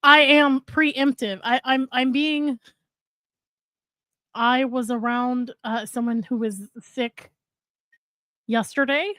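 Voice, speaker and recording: A woman's voice: high voice, steady tone, slow, long pauses, a bit bright, no echo. Enthusiastic swearing woman co-host. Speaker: podcast co-host. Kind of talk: casual chat.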